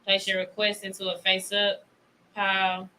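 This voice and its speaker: A woman hosting live radio, walking her guests through game rules. Her voice is very bright and sharp at a middling pitch. She sounds patient and coaching. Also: completely flat delivery, normal speed, a little hiss or hum, poor audio. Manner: patient, instructive, coaxing. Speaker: radio host. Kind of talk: explaining a card game on a live radio show. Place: radio studio.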